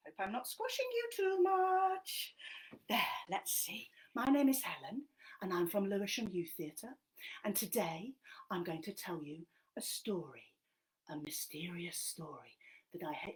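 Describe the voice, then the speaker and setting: Soft-spoken woman storyteller for children. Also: lowish voice, animated. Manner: gentle, slow, softly spoken to young children.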